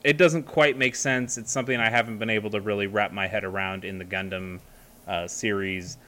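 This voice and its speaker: A man's voice: on the low side, fairly even intonation, fairly quick, bright, forceful tone, slight background noise. A man chatting casually as a co-host, rambling with many fillers and restarts. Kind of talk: casual chat.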